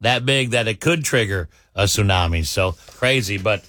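Animated male radio host telling a joke. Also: lowish voice, moderate pace, no echo. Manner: animated storyteller, acts out the bartender gruffly. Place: radio studio. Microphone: studio mic.

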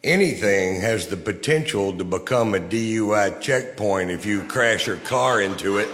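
A man performing a stand-up routine, delivering deadpan setups and punchlines. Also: on the low side, moderate pace. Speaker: stand-up comedian. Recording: reverberant club with noise.

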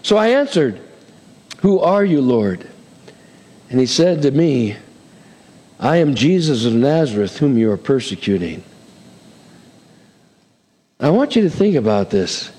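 Animated preacher in a reverberant hall. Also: male voice, measured pace, pauses often. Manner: animated preaching, voices Bible figures with big pitch swings. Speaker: pastor. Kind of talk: sermon.

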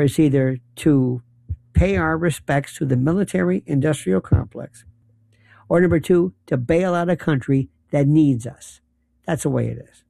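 A man's voice: fairly high pitch, gravelly, dark tone, no echo, clean studio sound. A man delivering an impassioned political monologue, firing off rhetorical questions and rambling as he gropes for names. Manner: heated, rhetorical, rambling, often searching for names.

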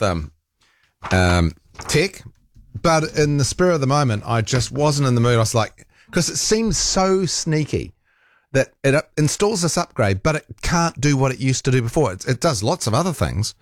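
A man's voice: medium pitch, big pitch swings, moderate pace, no room sound, studio quality. A man hosting a talkback radio show, telling a rambling, exasperated story with laughs and mild swearing. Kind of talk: casual on-air chat.

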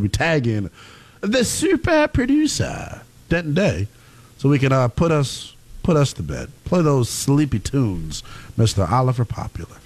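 A man's voice: mid-range voice, no echo. A man hosting a sports talk show, talking casually and animatedly with plenty of fillers. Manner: animated, conversational, lots of fillers.

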